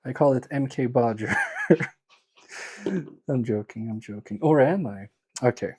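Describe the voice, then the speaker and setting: A man talking in an unhurried, relaxed drawl as he live-streams a repair session from his home workbench. He jokes and teases his chat, often mocking himself. His voice sits on the mellow, warm side. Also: medium pitch, slightly rough. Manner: joking, self-mocking, chatty with viewers.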